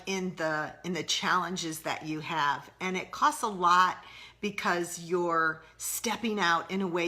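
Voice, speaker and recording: Bright-voiced, earnest woman hosting a live stream. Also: on the low side. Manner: earnest and candid, chatty with viewer comments. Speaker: host of a live mom-mentoring broadcast. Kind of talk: casual live-stream talk answering viewer questions. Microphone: live-stream webcam or phone.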